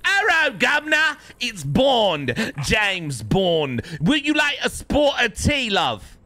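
A man putting on a fake British accent to play a showy, posh male spy, in a loud and exaggerated manner. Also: very high-pitched, huge pitch swings, slow pace, voice pushed up, exaggerated voice. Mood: hammy. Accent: put-on British.

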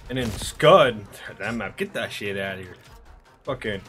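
A young man commentating his own gameplay, ranting and swearing constantly, often bursting into shouts. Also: fairly low pitch, lively intonation, a little slow, soft background music. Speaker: gaming YouTuber.

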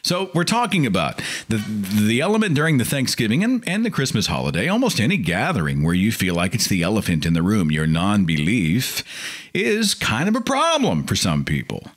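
A man hosts a call-in podcast, delivering a casual, heartfelt monologue in a lowish voice at normal speed. He's animated, doing mocking impressions of his pious relatives.

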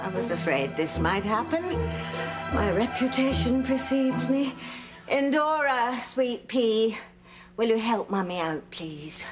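A woman's voice: fairly high pitch, animated, slow pace, over loud music. A wicked witch mother, drawling and arch. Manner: drawling, arch and mock-sweet. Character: wicked, theatrical witch mother, proud of being bad. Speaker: soap opera actress. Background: loud dramatic score.

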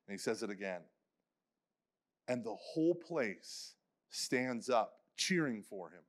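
A man's voice: on the low side, animated, a little slow. A man giving a faith conference talk, telling stories casually with many "like" fillers and acting out the people he quotes. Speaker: conference speaker.

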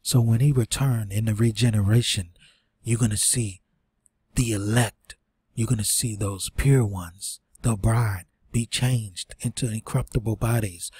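A man's voice: fairly low pitch, steady tone, measured pace, a little mellow, slightly rough, no echo. A man teaching and reading scripture aloud in an informal sermon, short of breath, with restarts and asides. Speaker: preacher.

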